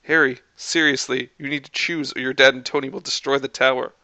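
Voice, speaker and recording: Guy doing a tired sensible businesswoman, sighing, crisp dry sound. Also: medium pitch, fairly even intonation, brisk, sharp tone, no room sound. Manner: exasperated sighing delivery.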